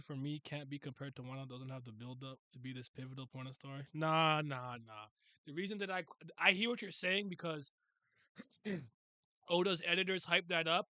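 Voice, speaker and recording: Blunt, bright-voiced young man reacting. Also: fairly high pitch, dry recording. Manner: blunt and dismissive, repeats himself, joking with chat. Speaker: streamer reading a comic aloud. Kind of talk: casual reaction commentary.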